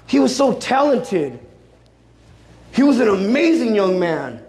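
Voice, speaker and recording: High-voiced man preaching in an echoey room. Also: big pitch swings, a little slow, pauses often, a little mellow, slight background noise. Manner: emphatic, streetwise slang, repeats key phrases. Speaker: Catholic youth speaker. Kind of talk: personal testimony to teens. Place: large room with a teen audience.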